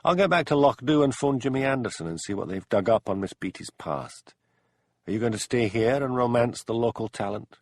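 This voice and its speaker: A man playing a shrewd Highland village policeman, dry and sarcastic. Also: animated, brisk, dry recording, close to an everyday voice.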